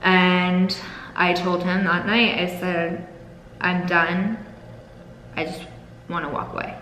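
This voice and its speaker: A young woman with a lowish voice tells a painful story from her own life, frank and emotional, with swearing and a fight against tears. Her voice rings in an echoey room with a long reverb tail and faint noise underneath. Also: flat delivery, takes it slowly, a bit bright, muffled recording. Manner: candid, emotional, swears freely. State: holding back tears. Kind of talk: personal storytelling.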